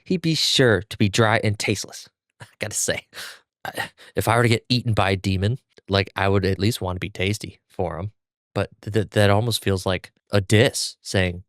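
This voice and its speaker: Chatty male podcast host, low dry voice. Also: steady tone, normal speed, fairly bright tone, no room sound. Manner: chatty, giggly, with verbal restarts. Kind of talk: casual recap of a manga chapter. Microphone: podcast mic on a stand.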